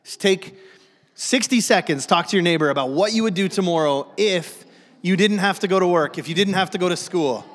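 A man preaching in a church, his fairly high voice carrying a long, ringing reverb from the hall. He jokes at his own expense and often stumbles into restarts as he talks to the congregation. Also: fairly quick, a bit bright. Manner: self-deprecating, joking, frequent restarts. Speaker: guest pastor. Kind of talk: humorous sermon. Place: church sanctuary.

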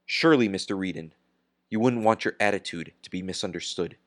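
A man voicing an elderly judge who speaks in a smooth, mocking tone. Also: sits low, a little fast, fairly bright tone. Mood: derisive. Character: eldest male judge, suave and derisive.

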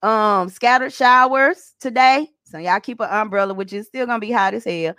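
Woman radio host, loose profane chatter, mid-pitched voice, dry mic. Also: moderate pace, a bit bright, smooth, no echo. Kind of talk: casual podcast monologue.

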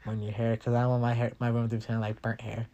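A man's voice: mid-range voice, completely flat delivery, a little fast, dark tone, dull audio. A young man hosting a casual podcast, joking and talking loosely with lots of fillers. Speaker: podcast host. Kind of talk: casual chat.

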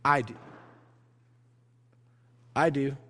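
A man's voice: mid-range voice, extremely slow, a bit bright. Impassioned man preaching in a reverberant hall. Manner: impassioned, rising to urgent exhortation. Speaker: pastor. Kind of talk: sermon. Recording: long reverb of a church hall.

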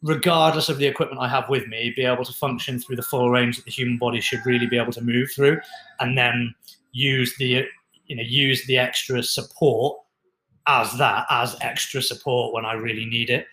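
A man co-hosting a fitness talk, explaining lifting equipment in a relaxed, chatty way with many fillers. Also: medium pitch, normal speed. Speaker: fitness podcast co-host. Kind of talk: casual explanatory chat. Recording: roomy echo.

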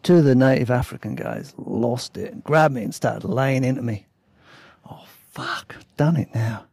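A man's voice: medium pitch, moderate pace, creaky, warm tone, husky, dry recording, studio quality. A man telling a story in a casual, blunt way, swearing freely.

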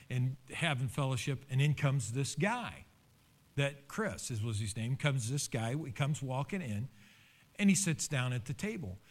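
Animated middle-aged man preaching a sermon. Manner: animated preaching with pitch leaps and personal storytelling. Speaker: pastor.

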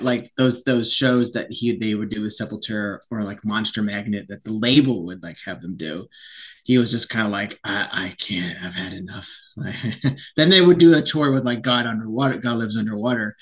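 A man's voice: mid-range voice, fairly bright tone. A man co-hosting a podcast in casual chat, rambling and often restarting his sentences. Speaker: podcast co-host.

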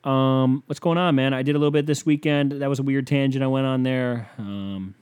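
A man's voice: mid-range voice, steady tone, fairly quick, darkish tone, clean tone. Young male solo podcaster, casual and profane, rambling with sarcastic rants into a desk mic. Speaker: podcast host. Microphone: desk microphone with pop filter.

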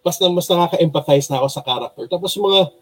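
A man's voice: on the high side, rapid-fire, breathy edge, rough recording. Chatty Filipino man teaching dubbing. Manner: chatty, animated, mixing Tagalog and English. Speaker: dubbing workshop presenter. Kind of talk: informal teaching talk.

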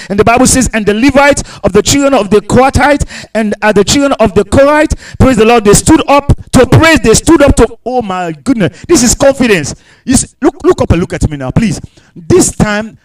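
Brief: male preacher, high lively voice, repeats and shouts for emphasis. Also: rough recording. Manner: emphatic, repetitive preaching with sudden shouts and hushed asides; speaks in tongues between points. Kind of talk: sermon.

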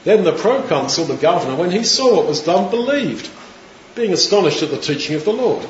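A male preacher tells a Bible story in lively, everyday words. His voice sits somewhat high for a man. The recording is roomy and muffled, with a faint hiss behind it. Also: fairly quick. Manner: animated storytelling, retelling scripture in his own words. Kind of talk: sermon. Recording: echoey room, dull lo-fi sound, faint hiss.

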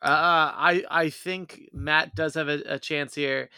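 A man's voice: fairly high pitch, steady tone, unhurried, pushed and bright, smooth, no echo, studio quality. A man co-hosting a fantasy football podcast, ribbing his friends with sarcastic, profane banter. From Irish heritage. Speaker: podcast co-host.

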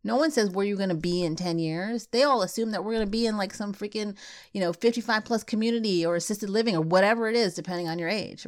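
A middle-aged woman hosting a podcast, talking casually and getting animated and worked up as she goes. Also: medium pitch, fast. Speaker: podcast host.

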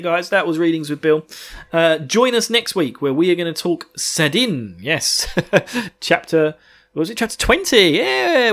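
A man's voice: on the high side, fairly bright tone. A man hosting a casual book podcast, enthusiastic and rambling, laughing often. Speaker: podcast host.

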